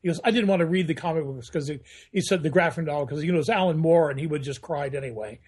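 A man chatting as a guest on a podcast, telling rambling, animated stories. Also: a little high, fast, breathy edge. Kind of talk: casual podcast chat.

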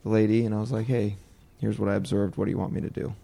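A man's voice: lowish voice, flat delivery, rapid-fire, vocal fry, dark tone, husky. A man hosting a podcast, talking casually and rambling, with lots of fillers and quoted asides. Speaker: podcast host. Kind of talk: casual conversation.

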